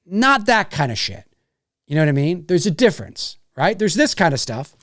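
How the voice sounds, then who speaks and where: A man's voice: high-pitched, sing-song, moderate pace, fairly bright tone. A man hosting a casual livestream rant, rambling and swearing, with many restarts. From Canada. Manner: rambling, profane, frequent restarts. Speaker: YouTube host.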